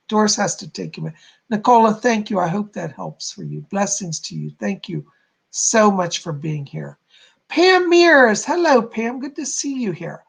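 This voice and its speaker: A man's voice: high-pitched, gravelly, slightly rough. A man hosting a live stream, giving chatty, reassuring psychic readings and addressing viewers by name. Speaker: psychic medium, stream host.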